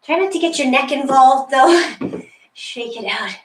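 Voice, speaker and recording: A woman's voice: high voice, animated, unhurried, echoey room, distant mic, poor audio. A woman leading a guided workout, a little out of breath, encouraging and laughing often as she gives instructions. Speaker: fitness instructor. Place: room with a wall and ceiling tiles, indoors.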